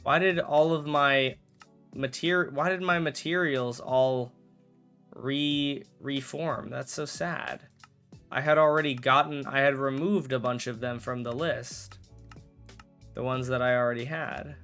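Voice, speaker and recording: A man's voice: mid-range voice, steady tone, a little slow, a bit bright, clear, resonant tone, soft background music. A young man chatting casually on a live stream while playing a game, rambling, correcting himself and joking with chat. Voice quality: rambling, self-correcting, jokey.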